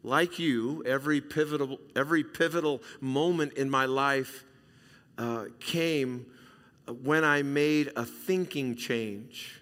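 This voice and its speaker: A middle-aged male pastor from Southern California preaching a sermon, emphatic and repetitive, swinging between loud and hushed. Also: medium pitch, takes it slowly. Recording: reverberant hall sound.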